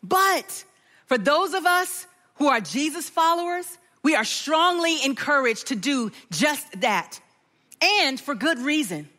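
A middle-aged woman preaching a sermon with a personal story, telling it in an animated way and acting out the voices of the people in it. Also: high-pitched, slow pace. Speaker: pastor.

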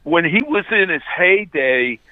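A man's voice: on the high side, animated, unhurried, no room sound. A man in his sixties calling in to a sports radio show, reminiscing in a rambling way. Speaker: caller. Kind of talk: call-in chat. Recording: tinny phone line.

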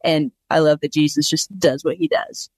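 Bible podcast cohost, jokey and excited about context, mid pitch, dry close sound. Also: normal speed, gravelly, no room sound, rough recording. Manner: enthusiastic, jokey explainer of scripture context. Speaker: podcast co-host. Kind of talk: casual Bible-study podcast chat.

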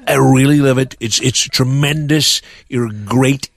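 A brash, bragging American politician, as a male impressionist puts him on, heaping praise on everything in simple repeated words. The voice sits in a middling pitch range for a man. It is recorded dry and close in a radio studio. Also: measured pace, creaky, no room sound. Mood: boastful. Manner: bragging, repetitive superlatives.

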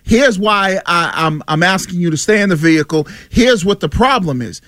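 High-voiced man arguing on talk radio. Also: animated, normal speed, fairly bright tone, dry recording, studio quality. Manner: emphatic, argues point by point, interrupts callers. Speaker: sports radio co-host. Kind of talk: radio call-in debate.

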